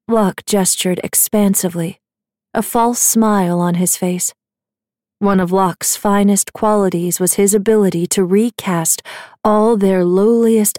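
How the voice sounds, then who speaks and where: Woman narrator, fantasy audiobook, measured, slow, dry booth. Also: medium pitch, no echo. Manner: measured, even storytelling.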